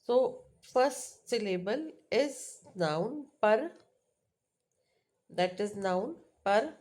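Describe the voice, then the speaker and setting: A woman's voice: medium pitch, darkish tone. A woman teacher explaining a lesson, repeating key points and checking in with "right?". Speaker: English teacher.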